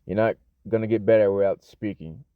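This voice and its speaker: A man's voice: fairly low pitch, a little fast, clean tone, no room sound. An American man giving an unscripted casual English lesson, rambling with lots of fillers, restarts and self-corrections. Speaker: English teacher. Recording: dull, lo-fi dry sound.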